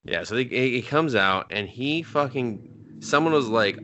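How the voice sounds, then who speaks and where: Man, bright forceful voice, excitable, rambling, profane, casual podcast chat. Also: medium pitch, measured pace, highs cut off, a little hiss or hum. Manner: rambling, excitable, swears a lot, acts out quotes. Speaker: podcast co-host reviewing a movie.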